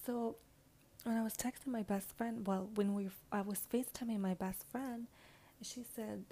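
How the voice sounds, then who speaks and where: Young woman, warm mellow voice, casual storytelling vlog, frank, swears a lot, constant "like", hushed asides. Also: fairly high pitch, moderate pace. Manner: frank and animated, heavy use of "like", swears freely.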